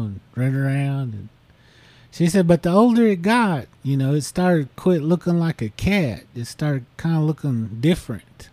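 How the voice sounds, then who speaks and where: A man's voice: medium pitch, warm tone, no room sound. A man casually retelling a listener's story on a podcast, full of fillers and restarts. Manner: rambling, many fillers like "you know". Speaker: podcast host.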